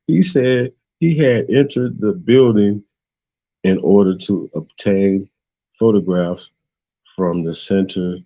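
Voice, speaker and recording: Male stream host, husky and deep, casual profane commentary with stumbles. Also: a little mellow, highs cut off. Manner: profane, jokey, stumbles and breaks into laughter while reading. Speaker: livestream show host. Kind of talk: casual commentary while reading aloud.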